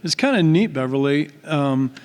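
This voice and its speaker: Man, pastor, folksy, self-deprecating, smooth voice, slightly high. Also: expressive, normal speed. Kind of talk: speech at a church retirement party. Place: church hall. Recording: long hall reverb.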